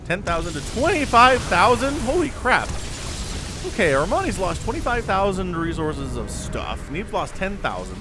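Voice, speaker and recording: A man casting a strategy game match solo, chatty and analytical, often rambling off topic. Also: high voice. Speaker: esports caster.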